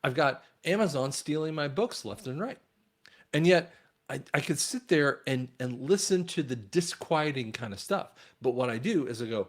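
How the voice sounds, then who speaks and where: A man's voice: medium pitch, animated, normal speed. A man talking straight to his viewers in an earnest monologue on faith, often repeating a word as he restarts. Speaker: online commentator.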